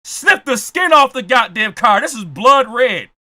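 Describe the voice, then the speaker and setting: A man doing comedic reaction commentary, ranting loudly and often shouting his punchlines. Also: very high voice, very animated, measured pace. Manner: repeats jokes for effect. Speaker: reaction streamer.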